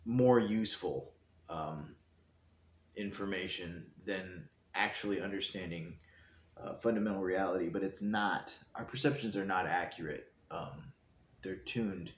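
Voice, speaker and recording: A man hosting his own show, giving a calm, meandering explanation while seated indoors. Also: low voice. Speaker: host. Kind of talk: casual reflective talk. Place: indoor room, seated in a chair. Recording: echoey room, faint background hiss.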